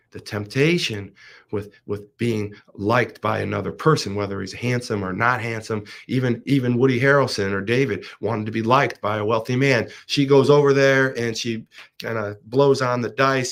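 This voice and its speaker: With a creaky, mid-range voice, a middle-aged podcast host animatedly recounts the plot of a film. His monologue is casual and full of frequent restarts.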